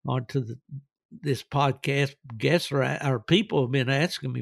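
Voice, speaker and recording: A man hosts a podcast, spinning rambling, folksy stories and chuckling as he goes. His voice is gravelly and sits at an ordinary pitch. It is recorded close and dry. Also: normal speed, no echo. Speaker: podcast host. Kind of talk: casual storytelling.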